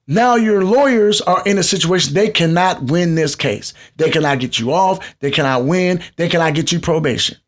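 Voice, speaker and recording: A man with a fairly high voice, hosting a live podcast. He lectures his audience in a conversational, preachy tone and talks straight to them. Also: moderate pace, hardly any pauses. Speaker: podcast host.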